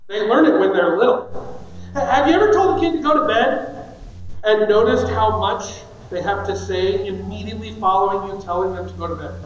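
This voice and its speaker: High-voiced man preaching in an echoey church. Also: a little fast, a little hiss or hum. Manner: animated, mimics kids' whiny excuses. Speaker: pastor. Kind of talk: sermon. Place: church sanctuary. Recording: echoey church sanctuary, dull sound.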